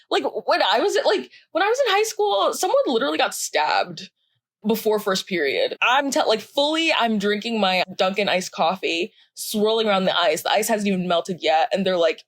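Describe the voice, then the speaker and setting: A woman's voice: mid-range voice, moderate pace, dry recording. A young woman from the American South, co-hosting a podcast, ranting casually and sarcastically with frequent swearing. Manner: animated, sarcastic, swears freely. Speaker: podcast co-host. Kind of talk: casual rant. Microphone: podcast mic.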